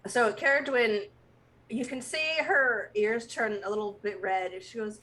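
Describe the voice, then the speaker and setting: A woman's voice: fairly high pitch, a little slow, bright, forceful tone, slight background noise, rough recording. A woman playing in a tabletop game, casually describing what her character does. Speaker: player.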